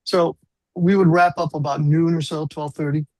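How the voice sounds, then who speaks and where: A man's voice: on the high side, steady tone, normal speed, darkish tone, no echo, poor audio. A man in his sixties, a guest musician, telling rambling, self-deprecating stories in a casual interview.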